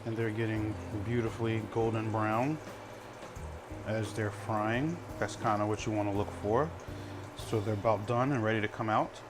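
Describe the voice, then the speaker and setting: Low-voiced man demoing a recipe. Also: moderate pace, background noise. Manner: relaxed, chatty, gives step-by-step tips. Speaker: cooking vlogger. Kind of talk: casual cooking demonstration. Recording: home video with music behind.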